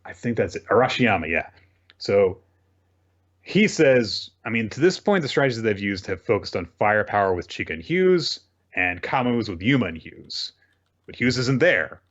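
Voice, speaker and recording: A man's voice: lowish voice, big pitch swings, moderate pace, a bit bright, dull audio. A man co-hosting a podcast, recapping manga plot in casual chat, with frequent swearing and asides. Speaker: podcast co-host.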